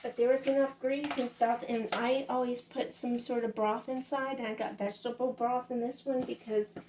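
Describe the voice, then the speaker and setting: A rambling middle-aged woman with a Southern US accent, chatting away as she cooks. Her voice sits a touch high and reaches the camera from across the room. The kitchen sounds echoey, with a faint hum underneath. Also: level tone, normal speed, recorded from a distance. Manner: chatty, rambling, talks to viewers as y'all. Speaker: cooking vlogger. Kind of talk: casual kitchen vlog chat. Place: home kitchen.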